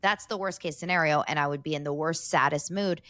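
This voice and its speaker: A woman co-hosting a podcast in casual chat, animated and mimicking crowd screams as she tells stories. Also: low-pitched, a little fast, dry recording. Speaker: podcast co-host.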